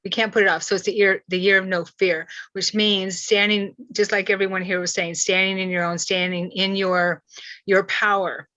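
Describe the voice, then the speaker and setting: A woman hosting a spiritual channeling talk, speaking earnestly with halting restarts over a video call. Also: medium pitch, level tone, bright, forceful tone, no echo. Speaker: host. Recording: dull, slightly lo-fi.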